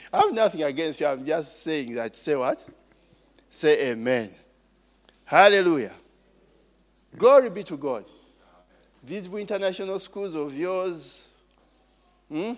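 A male preacher delivers a sermon at an unhurried pace, in a voice pitched a little high. He keeps asking the congregation to call back answers and slips in jokes along the way. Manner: call-and-response with the congregation, joking asides.

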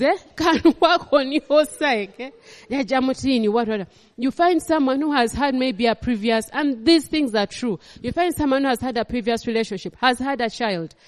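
Emphatic Ugandan woman preaching in a hall. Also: on the high side. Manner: emphatic, repeats phrases, mixes in Luganda. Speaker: pastor. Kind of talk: sermon.

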